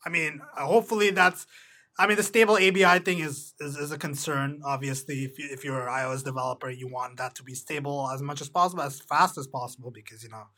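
A man co-hosting a casual tech podcast, talking haltingly with many restarts and fillers. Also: on the high side, fairly even intonation, bright, forceful tone. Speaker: podcast co-host.

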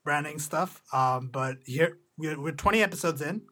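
Bright-voiced man co-hosting a tech podcast. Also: fairly high pitch. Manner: halting, many restarts and fillers. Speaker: podcast co-host. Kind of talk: casual tech podcast chat.

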